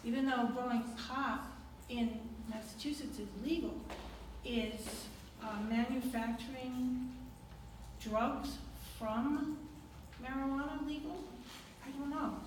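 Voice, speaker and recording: A woman's voice: sits high, fairly even intonation, slow. A woman resident giving an earnest, hesitant public comment at a town meeting, with fillers and restarts. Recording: echoey hall from far off, noisy.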